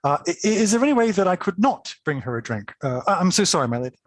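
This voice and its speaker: A man's voice: high-pitched, sing-song, quick pace, dry recording, clean studio sound, pitched above the performer's own voice. A man voicing a nervous young female servant who stammers apologetically in a tabletop game. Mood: timid.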